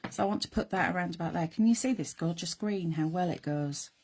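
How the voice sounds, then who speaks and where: A middle-aged woman hosting a live craft demonstration, chatty and self-deprecating, thinking aloud as she works, her voice going croaky. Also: fairly low pitch, brisk, darkish tone. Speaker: craft show host.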